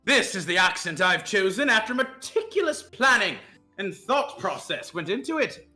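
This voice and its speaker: A man voicing his character at a tabletop game, hamming it up with a chosen put-on accent. His voice sits high and swings widely, with a bright, forceful edge. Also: very animated, moderate pace, faint music behind. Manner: theatrical, playful. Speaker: player.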